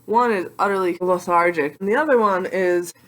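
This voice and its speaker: A young adult woman vlogging casually to her computer webcam, rambling and excitable with self-mocking asides. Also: on the low side, moderate pace, slight background noise. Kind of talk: casual vlog talk to camera.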